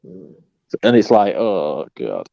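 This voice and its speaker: A man co-hosting a casual podcast chat, animated, who exclaims often and laughs readily. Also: low voice, extremely slow, gravelly, no room sound, muffled recording. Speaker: podcast co-host. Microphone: online podcast recording app.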